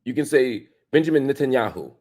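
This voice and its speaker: Speaking a little fast in a sing-song, mid-range voice, a man in his forties hosts a show with a forceful opinion monologue. Rhetorical questions abound, and his volume shifts between loud and quiet.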